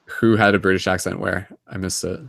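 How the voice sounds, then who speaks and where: A man with a deep, low voice hosts an online group hangout. He talks loosely, with lots of fillers and restarts, and sounds a little tired. The sound is dry and close, with no room echo. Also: flat delivery, a little fast, creaky, a bit bright. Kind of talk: casual rambling group chat.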